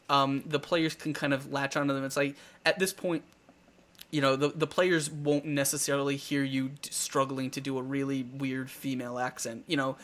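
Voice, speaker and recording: A man hosting a live talk show, telling game stories in a rambling, animated way with lots of restarts. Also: on the high side. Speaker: talk show host and dungeon master.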